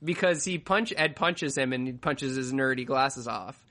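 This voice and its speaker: A man's voice: medium pitch, normal speed, sharp tone. A man co-hosting a casual podcast, recapping an anime with frequent laughter and casual swearing. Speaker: podcast co-host.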